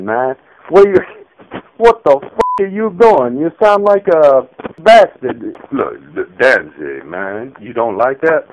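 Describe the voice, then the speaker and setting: A man's voice: on the low side, animated, moderate pace, a little hiss or hum, low-quality recording. A man in a comedic improvised skit, mumbling and fumbling his words, swearing casually. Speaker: parody performer.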